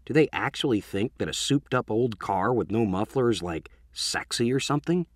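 A man's voice: mid-range voice, expressive, fairly quick, no room sound, studio quality, lightly acted. A man voicing a smirking teenage boy who jokes and mocks the other kids. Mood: mocking. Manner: mocking, wisecracking.

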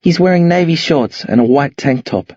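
Male narrator, slightly high and husky, measured first-person audiobook read; dry, dull studio sound. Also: animated, darkish tone, dry recording.

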